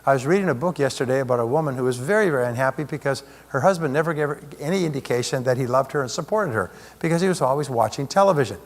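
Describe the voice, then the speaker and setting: A man's voice: mid-range voice, lively intonation, very fast, hardly any pauses. Man giving a seminar talk in a reverberant hall. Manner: conversational, asks rhetorical questions. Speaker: motivational speaker.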